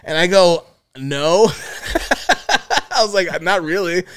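A man's voice: high-pitched, takes it slowly, clean tone. Laughing young man telling a story. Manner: animated storyteller, acts out quotes, laughs often. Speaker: podcast co-host. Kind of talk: casual storytelling.

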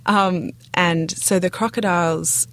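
Low-voiced Australian woman, chatty. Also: fairly even intonation, slow pace, dry recording. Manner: chatty, laughs often, frequent restarts. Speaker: guest critic. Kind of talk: casual podcast chat.

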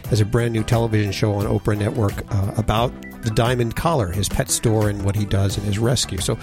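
A man's voice: fairly low pitch, fairly even intonation, brisk, over music. A man hosting a radio talk show, upbeat and announcing segments. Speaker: radio host.

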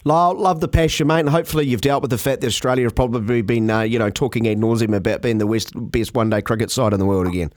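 New Zealand man, talkback host, relaxed and chatty, dry close sound. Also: medium pitch, fast talker, hardly any pauses, no echo. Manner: easygoing, hesitant restarts, calls callers mate. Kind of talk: talkback radio chat.

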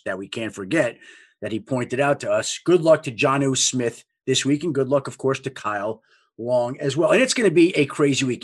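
Male podcast host, easygoing wry chat, mid-pitched voice. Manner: conversational, chatty, wry. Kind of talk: casual podcast talk and sign-off.

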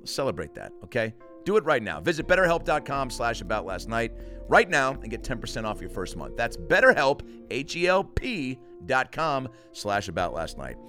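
A man's voice: medium pitch, very animated, normal speed, bright, forceful tone, soft background music. A man hosting a comedy podcast, chatting casually and rambling in a jokey way, also doing an ad read. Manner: rambling, jokey, lots of fillers.

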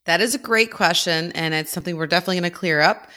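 A woman's voice: on the low side, racing, pushed and bright. A woman with an American accent co-hosting a casual conservation podcast, playful and wry in her chat. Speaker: podcast co-host.

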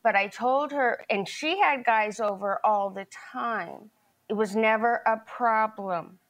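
A middle-aged woman testifying in a courtroom, her voice sitting a little high. She rambles, restarting her sentences and acting out what others said. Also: takes it slowly, fairly bright tone. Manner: rambling, talks in restarts and acted-out quotes. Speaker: plaintiff in a small claims court case.

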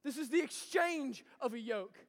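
A man, preaching a sermon and swinging from loud to hushed. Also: very high-pitched, expressive, normal speed. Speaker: pastor. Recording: long hall reverb.

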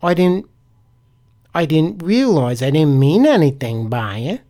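A man's voice: on the high side, sing-song, unhurried, dark tone. A man voicing a blunt, nosy teenage schoolgirl in a spoken story. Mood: apologetic.

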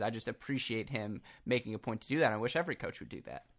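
A man co-hosting a casual podcast, animated and quick to laugh, putting on voices when quoting others. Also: medium pitch. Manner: animated, laughs often, does mock voices for quotes. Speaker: podcast co-host.

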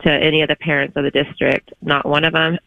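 A woman's voice: deep voice, flat delivery, fast talker, gravelly, no echo. A woman calling in to a talk radio show as a parent, speaking earnestly and insistently. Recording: muffled phone line.

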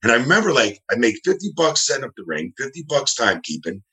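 A middle-aged man from New Jersey, a guest telling animated, rambling stories in a casual interview. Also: mid-range voice, fast talker, poor audio. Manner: rambling, animated, acts out quoted dialogue.

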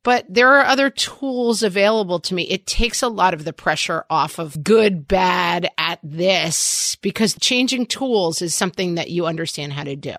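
A woman's voice: lowish voice, moderate pace, few pauses, a bit bright, dry recording, studio quality. A woman hosting a podcast interview, reacting playfully and building on her guest's ideas. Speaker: podcast host.

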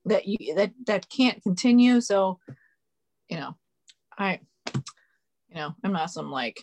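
A woman's voice: mid-range voice, lively intonation, takes it slowly, darkish tone. A woman guest on a podcast, talking casually, blunt, sarcastic and opinionated.

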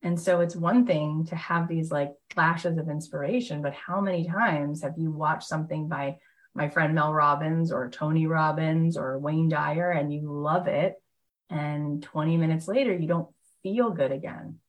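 A middle-aged woman giving a live motivational talk, telling stories with animated enthusiasm and chatty fillers. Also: sits low, a little slow, poor audio. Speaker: motivational speaker and program host.

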